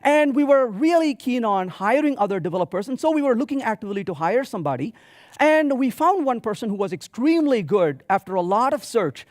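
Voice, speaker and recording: A man giving a software conference talk, telling stories with quoted dialogue in an animated way. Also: high-pitched, dry recording, studio quality. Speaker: conference speaker. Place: conference hall stage.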